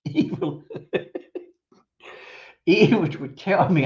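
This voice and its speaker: In an unhurried, slightly mellow way, a stream host who teaches delivers an emphatic parenting monologue in a mid-pitched voice. Words get repeated for stress, with occasional chuckles. The capture sounds muffled and lo-fi.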